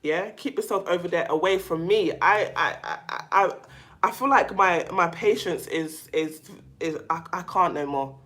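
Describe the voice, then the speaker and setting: Woman vlogger, casual monologue, emphatic and animated, bright tone. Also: fairly low pitch, a little slow. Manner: emphatic, animated, calls the listener "baby"; repeats herself and restarts often. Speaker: vlogger talking about narcissistic abuse.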